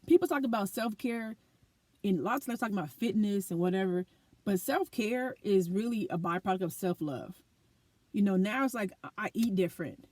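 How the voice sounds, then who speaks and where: Reflecting on her life in a personal vlog, an adult woman with a school-age daughter addresses her camera earnestly and animatedly. Her mid-range voice is a little mellow, and the recording is dry.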